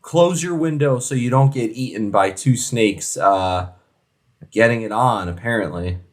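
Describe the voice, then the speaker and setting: A man co-hosting a casual podcast, bantering and joking in an animated way. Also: medium pitch, unhurried. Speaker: podcast co-host. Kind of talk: casual chat.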